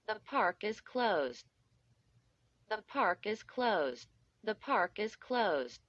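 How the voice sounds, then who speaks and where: A woman voicing a wooden male dummy in a spooky storybook reading, with a scratchy, hoarse, crackling voice that repeats its lines mechanically. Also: mid-range voice, very animated, very slow, fairly bright tone, dull audio, full character voice. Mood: monotone. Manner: repeats stock phrases mechanically.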